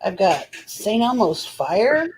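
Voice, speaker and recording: A woman chatting casually on a live stream, talking in an expressive, folksy and drawling way. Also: mid-range voice, slow, a little hiss or hum, low-quality recording. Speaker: co-host in a live stream chat. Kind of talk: casual chat.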